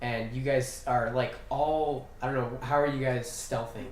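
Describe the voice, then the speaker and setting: A man's voice: mid-range voice, steady tone, normal speed, a little mellow, slight background noise. A man running a tabletop game as game master, narrating loosely with lots of fillers and frequent laughter. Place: room shared with several players. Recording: roomy, distant mic with chatter of the group.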